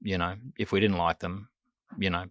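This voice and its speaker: A man's voice: sits low, level tone, normal speed, no echo. A man co-hosting a podcast in casual discussion, skeptical and questioning, often cutting in with doubts. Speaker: podcast co-host.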